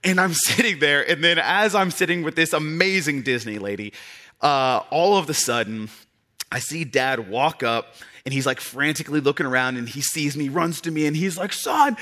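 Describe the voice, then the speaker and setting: A male pastor preaching a sermon in a casual, animated storytelling style, full of "like" and restarts. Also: fairly high pitch, normal speed. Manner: conversational and animated, with many fillers.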